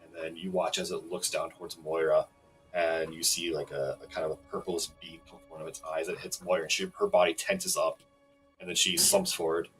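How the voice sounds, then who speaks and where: Deep-voiced bright man running a game. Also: brisk, faint music behind, low-quality recording. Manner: relaxed, hesitant narration with many fillers. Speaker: game master. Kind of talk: narrating a tabletop game.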